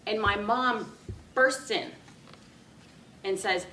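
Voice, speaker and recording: A woman giving a speech, telling a personal story in a lively way and laughing often. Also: on the low side, moderate pace. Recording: echoey room, mic from a distance.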